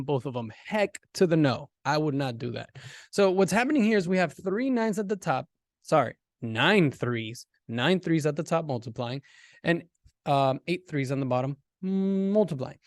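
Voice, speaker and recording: Brief: male math teacher, upbeat and a bit high-pitched, casual and animated, dry close sound. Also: dry recording. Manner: animated, talks directly to students. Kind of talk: casual classroom lesson.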